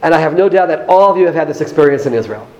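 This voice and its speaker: A man's voice: fairly high pitch, expressive, racing, lo-fi sound. A man with an American accent giving a speech to an audience as a former member of parliament, telling earnest personal anecdotes with light humor. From United States.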